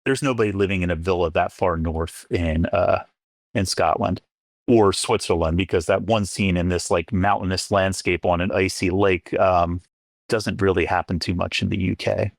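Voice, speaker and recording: A man's voice: low voice, fairly even intonation, normal speed, gravelly, no echo, clean studio sound. A man, an archaeologist guest on a podcast, chatting casually and hedging his points with many fillers.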